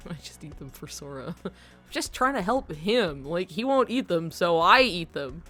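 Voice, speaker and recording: A woman's voice: on the low side, very animated, normal speed, a bit bright, soft background music. Giggly rambling woman streamer. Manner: rambling, giggly, lots of fillers. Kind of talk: casual chat while gaming.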